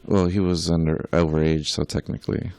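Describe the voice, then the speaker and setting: A man's voice: low-pitched, little pitch movement, a little fast, vocal fry, mellow, no room sound. A young adult man, a podcast co-host and musician, chatting casually in a rambling, profane way with many filler words.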